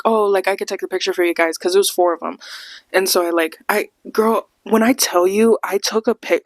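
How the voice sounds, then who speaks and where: On her podcast, a young woman with a lowish voice shares a laid-back story, breaking into frequent laughter and acting out what people said. Her delivery is animated, and the audio is dry.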